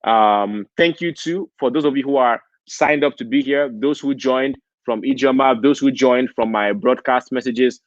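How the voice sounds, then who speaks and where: A Nigerian man gives a preachy motivational talk at a convention, tagging his points with "okay?" as he goes. His mid-range voice moves at a moderate pace with few pauses. The recording is dry, with a dull lo-fi sound.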